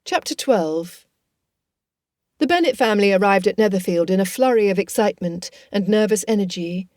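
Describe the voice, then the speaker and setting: A woman reading a novel aloud in a measured, expressive audiobook narration. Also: medium pitch, no echo, studio quality.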